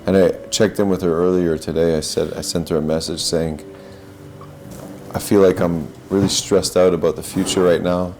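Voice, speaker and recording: A man's voice: low voice, level tone, normal speed, a little mellow, faint music behind, poor audio. A man giving a reflective spiritual talk in an earnest, searching way, often repeating and restarting his phrases. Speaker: podcast host.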